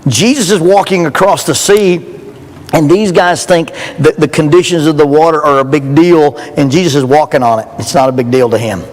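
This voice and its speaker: A man preaches to a youth rally, telling stories with a folksy, joking delivery. His voice sits a little high for a man. A long reverb trails each phrase through the church hall. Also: normal speed. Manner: folksy, joking, animated storytelling. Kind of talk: storytelling sermon.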